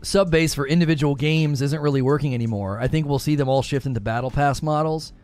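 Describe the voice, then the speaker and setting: A man hosting a casual live stream, rambling through quick asides and reading out chat. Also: a little high, a little mellow, faint music behind. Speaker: livestream host.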